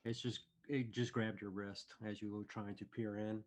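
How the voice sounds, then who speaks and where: A man running a tabletop game as game master over a voice call, unhurried and easygoing. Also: fairly low pitch, level tone. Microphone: online voice call.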